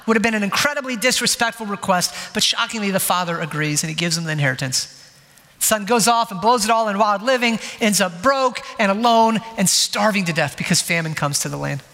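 Guy in his 40s giving a sermon, high bright voice, jokes at his own expense, big hall echo. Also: lively intonation, a little fast. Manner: storytelling, self-mocking humor. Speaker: pastor. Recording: long hall reverb.

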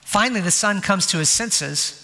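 High bright-voiced man preaching in a hall. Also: expressive, moderate pace. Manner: storytelling, self-mocking humor. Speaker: pastor. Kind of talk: sermon. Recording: long hall reverb.

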